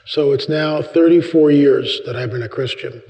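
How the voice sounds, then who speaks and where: An older man, a guest speaker at a church, telling stories in a sermon, acting out voices with big jumps in pitch. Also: moderate pace, lo-fi sound. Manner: animated storyteller, acts out dialogue with big pitch jumps. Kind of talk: storytelling sermon. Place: church sanctuary. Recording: long reverb of a church hall.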